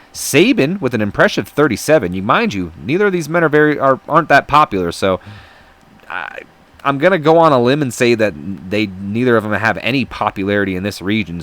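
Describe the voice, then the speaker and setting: A man's voice: medium pitch, a bit bright, no echo. A man hosting a wrestling game playthrough in chatty, self-deprecating, rambling casual commentary. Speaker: let's-play host.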